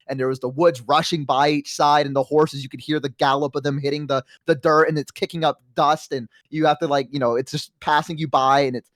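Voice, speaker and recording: A man guest on a chat stream, telling a long story in an animated, rambling way, acting out voices. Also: on the high side, no echo, studio quality. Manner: rambling, self-conscious asides.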